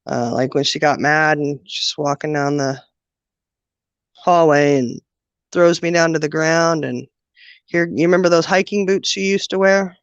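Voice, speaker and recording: Woman guest, personal story, halting and emotional, muffled dry recording. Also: low voice, clear, resonant tone, dry recording. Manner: halting, emotional recollection with many fillers. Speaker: guest sharing childhood story. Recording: dull, dry lo-fi sound.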